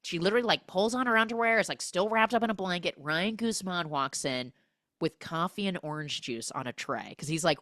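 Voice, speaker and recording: A woman's voice: fairly low pitch, expressive, fairly quick, fairly bright tone, no room sound, clean studio sound. A woman hosting a podcast, recapping a movie in a chatty, comic way and acting out the characters' lines in exaggerated voices. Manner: chatty, peppered with "like" and "he's like". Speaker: podcast host.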